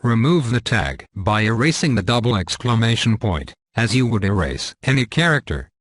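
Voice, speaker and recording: A man reading a scripted software tutorial in a measured, step-by-step instructional manner. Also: on the low side, very animated, no room sound, clean studio sound.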